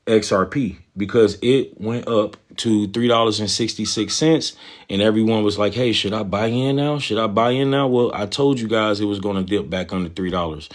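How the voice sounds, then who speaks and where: A man hosting a livestream, talking to viewers casually in loose slang and often repeating phrases. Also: on the low side. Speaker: livestream host, trading commentator.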